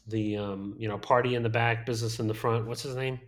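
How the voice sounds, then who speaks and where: A man's voice: medium pitch, fairly even intonation, a little fast. A man co-hosting a casual movie podcast, rambling with lots of fillers and laughing as he talks. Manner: rambling, full of "like" and "um", laughs often. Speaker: podcast co-host. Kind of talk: casual chat reviewing movies.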